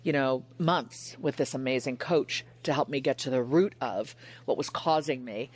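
A middle-aged woman author speaking candidly and passionately in an interview, with emphatic, animated retellings. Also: extremely low pitch, normal speed.

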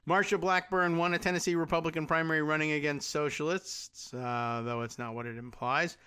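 A man's voice: fairly high pitch, fairly even intonation, fairly quick, sharp tone, smooth. A man hosting a radio show, giving a sardonic political commentary monologue full of rambling asides.

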